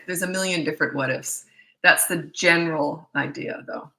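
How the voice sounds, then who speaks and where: A woman's voice: sits low, fairly even intonation, brisk, pushed and bright, echoey room, poor audio. A middle-aged woman parenting coach answering viewer questions in a blunt, emphatic way, often restarting her sentences.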